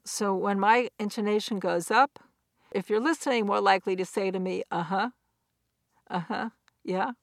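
A middle-aged woman giving a recorded academic lecture, explaining points step by step in a measured, clear way. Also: medium pitch, dry recording, studio quality. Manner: measured, explanatory, with quoted examples.

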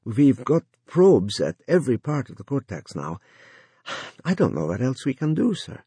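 A man voicing a nervous, mumbling male business owner in an audiobook, higher than his reading voice. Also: sing-song, normal speed, mellow, husky, no echo. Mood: anxious. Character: anxious fussy male moratorium owner.

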